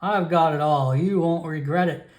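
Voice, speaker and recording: A man's voice: fairly high pitch, moderate pace, close to an everyday voice. A man voicing a chatty male merchant alchemist who pushes his wares with wheedling sales patter. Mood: coaxing. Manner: wheedling sales patter, calls everyone my friend.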